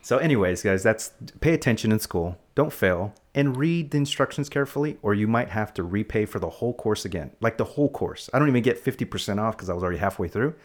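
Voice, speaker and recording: A man's voice: lowish voice, lively intonation, quick pace, few pauses. A man hosting a casual podcast, rambling playfully and explaining facts to kids. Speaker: podcast host.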